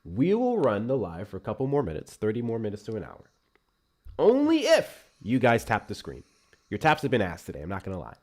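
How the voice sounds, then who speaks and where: Male host, casual political livestream, lively swooping pitch, swears a lot. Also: brisk. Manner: animated, profane, mocking.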